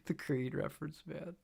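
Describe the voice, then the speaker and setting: A man's voice: a little high, creaky, slightly rough. A man hosting a guitar channel, chatting casually on a live stream, rambling and repeating words and laughing often.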